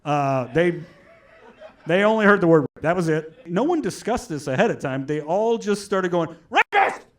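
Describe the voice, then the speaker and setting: A man doing a stand-up comedy set on a club stage, telling stories with energy, acting out shouted quotes and swearing. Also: on the high side, normal speed. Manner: animated storytelling, acts out shouted quotes, swears. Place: comedy club stage before a live audience. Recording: live club audio with crowd laughter and noise. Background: audience laughing.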